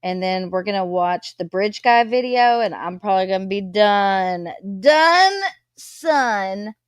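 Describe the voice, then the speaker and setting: A woman's voice: medium pitch, steady tone, moderate pace, clean tone, no echo, studio quality. A woman hosting a casual live stream, talking straight to her viewers. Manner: chatty, talks to her viewers. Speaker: livestream host.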